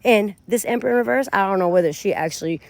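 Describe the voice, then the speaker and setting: A woman's voice: mid-range voice, fast, gravelly, dry recording. A woman giving a casual tarot reading, talking straight to her viewers as she turns the cards. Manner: animated, talks straight to viewers. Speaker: tarot reader.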